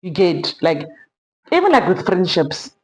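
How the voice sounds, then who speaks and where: Young South African woman, low voice, chatty storyteller who drops Zulu slang, sit-down vlog. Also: big pitch swings, a little slow, low-quality recording. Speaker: vlogger.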